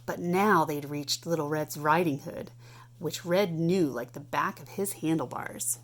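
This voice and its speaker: A woman's voice: sits low, a little slow. Woman reading a storybook aloud.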